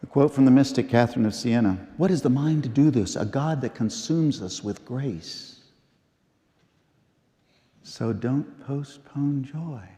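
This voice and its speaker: A middle-aged man preaching a memorial sermon, telling stories and repeating phrases with slow, emphatic pauses. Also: medium pitch, expressive, warm tone. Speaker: pastor. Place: large church. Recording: long church reverb.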